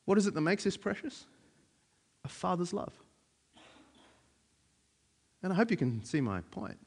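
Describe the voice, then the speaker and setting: A man's voice: high voice, sing-song, a little slow, darkish tone, slightly rough. A man preaching a sermon in a conversational way, with frequent fillers.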